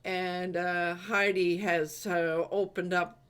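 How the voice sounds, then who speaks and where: Host, woman, slow and halting delivery, casual group video chat. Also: on the low side, level tone, fairly bright tone, clear, resonant tone. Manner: slow, hesitant, many fillers and laughs. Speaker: host of an online group meeting.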